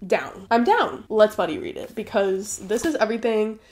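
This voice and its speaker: A woman hosting her own channel, chatting to camera in a gushing, excitable way while unboxing gifts. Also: medium pitch, moderate pace, slight background noise. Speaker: booktube host. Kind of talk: casual chat to camera, unboxing.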